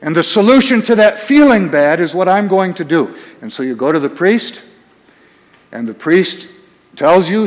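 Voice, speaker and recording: A man preaching a sermon as pastor, emphatic, swinging between quiet and raised passages. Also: high-pitched, lively intonation, moderate pace, long reverb tail.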